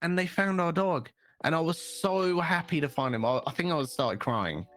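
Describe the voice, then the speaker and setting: A man's voice: a little high, normal speed, a bit bright. A young man co-hosting a podcast, rambling through a story in casual chat and swearing freely. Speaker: podcast co-host.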